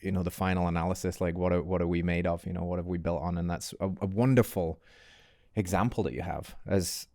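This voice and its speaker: A man's voice: sits low, fairly even intonation, quick pace, darkish tone, no room sound, clean studio sound. A middle-aged man hosting a podcast interview, speaking in a reflective way and moved by his guest's story. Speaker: podcast host. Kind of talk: interview conversation.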